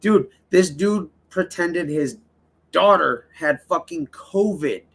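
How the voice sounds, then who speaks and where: A man's voice: a little high, slow, gravelly, fairly bright tone, slightly rough. A man hosting a casual livestream, rambling and swearing as he talks straight to his chat. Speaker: livestream host.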